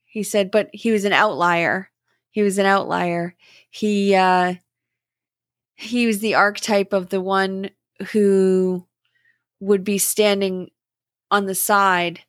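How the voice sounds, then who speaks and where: A middle-aged woman hosting a podcast, speaking in a slow, gentle and contemplative way about spiritual growth. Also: mid-range voice, fairly even intonation, dry recording, studio quality. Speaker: podcast host. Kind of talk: reflective spiritual talk.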